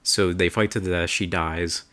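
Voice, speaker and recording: A man co-hosting a podcast, excitedly recapping a game in a rambling, casual way and swearing freely. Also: low voice, normal speed. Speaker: podcast co-host.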